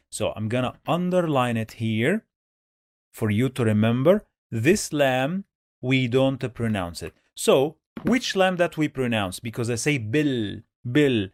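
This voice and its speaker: A man's voice: medium pitch, dry recording, clean studio sound. A man teaching Quran reading in a step-by-step lesson, patiently repeating each sound many times. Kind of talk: slow step-by-step language lesson.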